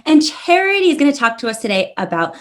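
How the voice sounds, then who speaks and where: A woman's voice: high-pitched, big pitch swings, fast talker. Woman host asking rambling questions. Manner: rambling, loosely phrased questions. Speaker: podcast host. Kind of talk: interview introduction and questions.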